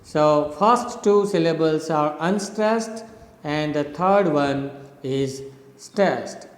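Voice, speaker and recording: A middle-aged man from India giving a recorded lecture on English literature, slow and deliberate, spelling out and repeating words. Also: fairly high pitch. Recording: echoey room with long reverb.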